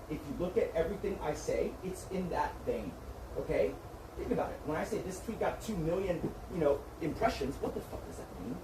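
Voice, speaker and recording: A man in a heated argument, lecturing and swearing as he insists on his own point. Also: on the high side. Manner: berating, profane, lecturing. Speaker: streamer's manager. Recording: echoey room from far off, faint noise.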